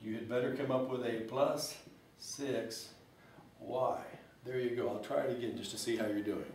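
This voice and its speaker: A man's voice: medium pitch, steady tone, moderate pace, a little mellow, distant mic. A man teaching an algebra lesson, explaining step by step with joking, folksy asides. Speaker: math teacher. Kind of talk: recorded math lesson. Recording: echoey room, voice from off-mic, faint hiss.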